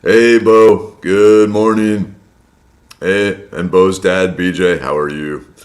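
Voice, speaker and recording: Low-voiced male stream host, a bit hoarse, friendly and chatty, greeting viewers from home. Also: fairly even intonation, slow. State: slightly hoarse from a long day of loud speaking. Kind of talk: casual live-stream chat greeting viewers. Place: indoors at his home.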